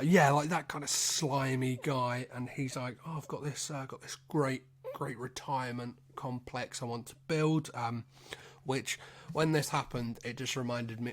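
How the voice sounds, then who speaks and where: Male solo podcast host, casual film recap, loose and chatty, swears a lot, self-mocking asides. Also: medium pitch.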